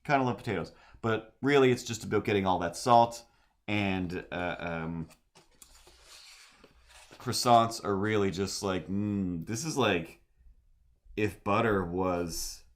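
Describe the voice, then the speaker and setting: A man's voice: sits low, takes it slowly, pauses often. A man chatting casually on a drawing livestream, rambling and poking fun at himself with lots of fillers. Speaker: streamer and artist.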